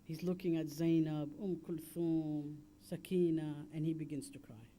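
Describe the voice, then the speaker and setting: A man's voice: a little high, fairly even intonation, measured pace, mellow, slight background noise. A man preaching a Muharram sermon and elegy, impassioned and building to a wailing lament, with chanted Arabic recitation.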